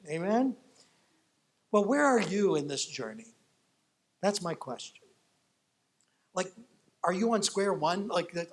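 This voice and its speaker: Animated storytelling pastor, man. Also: sits high, measured pace, long pauses. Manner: animated storytelling, acting out voices, rising to loud excitement. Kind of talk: sermon.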